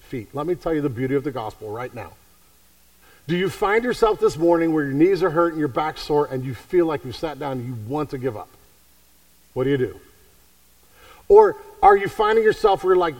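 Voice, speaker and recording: A man preaching a sermon in a conversational way, repeating himself and swinging from hushed to fervent. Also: a little high, expressive, a little fast, creaky, far from the mic, low-quality recording. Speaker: pastor.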